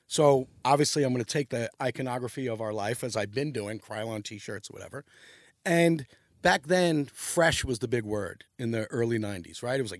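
Here a medium-pitched man talks a little fast over clean, dry studio sound. He's middle-aged, from New York, and on a podcast as a guest, telling animated, profane, meandering stories casually.

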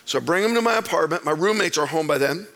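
Guy preaching in church, tells a story big and lively, goes loud then real quiet, kinda high bright voice. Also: fast talker, vocal fry. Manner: animated, swings between loud outbursts and hushed drops. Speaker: pastor. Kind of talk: storytelling sermon. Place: church stage.

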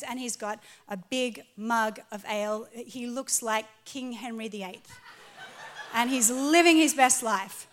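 A woman in her forties preaching a sermon to a live audience, telling a funny story about her marriage. She is animated and pokes fun at herself, swinging from soft to loud. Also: sits high. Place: stage before a live audience.

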